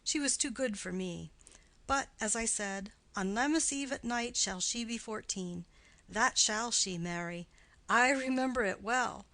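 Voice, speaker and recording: A woman reading the part of a garrulous, doting old nurse in an audiobook play, with her voice climbing high and loud as she rambles. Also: unhurried, no room sound, rough recording. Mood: rambling.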